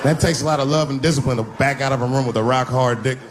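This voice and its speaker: A middle-aged man from the United States telling a long stand-up story to a live audience, jumping into high squealing voices for his characters. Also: fast talker. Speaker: stand-up comedian. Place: large live venue with laughing audience. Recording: noisy live stage recording.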